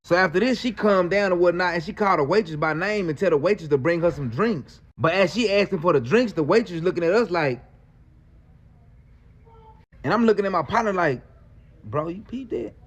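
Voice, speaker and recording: A man telling a story in casual slang, animated and acting out the people in it. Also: high-pitched, a little fast. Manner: animated, slangy, acts out quotes.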